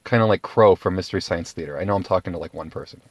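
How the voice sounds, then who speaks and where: A man's voice: low voice, racing, no echo. Man ranting to camera, rambling and profane, dry close sound. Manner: profane, digressive, animated. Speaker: video blogger. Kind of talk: ranting commentary monologue.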